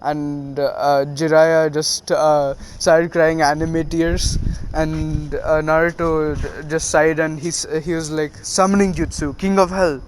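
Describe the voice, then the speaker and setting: A man's voice: on the high side, level tone, slow, slight background noise, poor audio. A man casually retelling a fan story, rambling with many fillers. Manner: rambling, full of "uh" and "was like".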